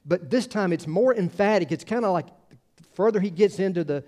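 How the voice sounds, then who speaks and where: A man's voice: sits high, animated, fairly quick, mellow. A man preaching a conversational sermon as a pastor, informal and chatty, with wry asides to the congregation. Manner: informal and chatty, many fillers and restarts.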